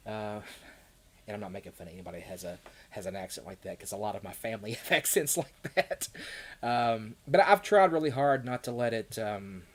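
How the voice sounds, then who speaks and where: A man with a Kentucky accent rambles through a casual live stream, answering viewers between laughs and fillers. His voice sits a little low. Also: fairly quick.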